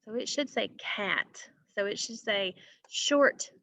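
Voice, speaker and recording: A woman teaching an online phonics lesson, slowly stretching out vowel sounds and talking straight to her students. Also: medium pitch, vocal fry, pushed and bright, no echo. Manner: slow, drawn-out modeling of vowel sounds, addressing students directly.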